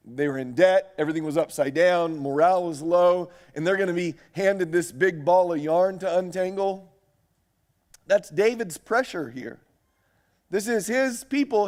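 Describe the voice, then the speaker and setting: A man preaching a sermon to a church audience, reading scripture aloud and putting questions to his listeners. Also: high-pitched. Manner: animated, asks the audience questions. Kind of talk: sermon lecture.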